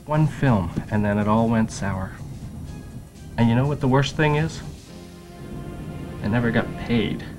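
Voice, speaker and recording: A man's voice: mid-range voice, unhurried, pauses often. A man in a mockumentary interview, gossiping and insinuating. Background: music.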